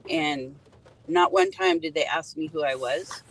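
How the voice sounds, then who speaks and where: In a rough recording, a low-pitched woman speaks at a measured pace. She is a middle-aged EMT and grieving mother, sitting in a parked car at the roadside, earnestly describing details and indicating spots in an emotional first-person account.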